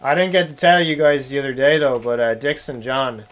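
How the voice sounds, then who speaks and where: A young man, streaming a game and chatting casually, swearing and yelling at the game. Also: mid-range voice, a little fast. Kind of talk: casual live-stream commentary.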